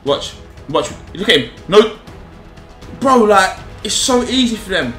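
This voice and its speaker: A young man commentating live on his own football video game, animated, pleading and exasperated, full of slang. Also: sits high, unhurried. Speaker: gaming YouTuber. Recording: echoey room with music behind.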